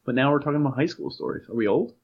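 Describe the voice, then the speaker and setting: A man's voice: mid-range voice, very fast. Man, 30s, podcast co-host, laughs through anecdotes, muffled lo-fi sound. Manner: laughs while telling stories. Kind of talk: casual chat. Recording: dull lo-fi sound.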